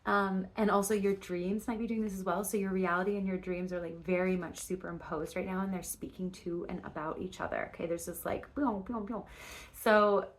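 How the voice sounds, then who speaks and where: A woman's voice: medium pitch, steady tone, a little fast. A woman giving a casual spoken tarot reading, rambling and restarting her sentences, with frequent fillers and casual swearing. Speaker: tarot reader.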